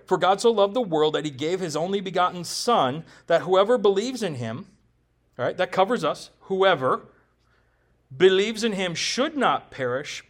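A pastor preaching a sermon, emphatic and conversational, tossing rhetorical questions to his congregation and slipping in light jokes. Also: high voice.

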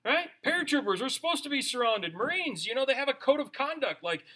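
A pastor preaching an animated, conversational sermon with touches of humor. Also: male voice, extremely high pitch, normal speed.

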